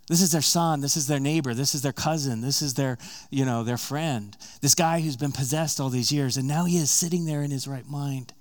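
A man delivering a sermon in a relaxed, conversational storytelling manner. He slips into the characters' voices for their quoted lines, then returns to his own telling. His voice sits at an ordinary middle pitch for a man. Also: brisk, hardly any pauses. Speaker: preacher.

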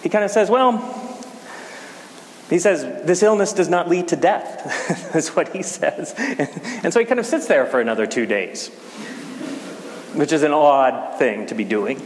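A man preaching a casual sermon, talking in a conversational, halting way with frequent restarts. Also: a little high, sing-song. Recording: echoey hall with faint hiss.

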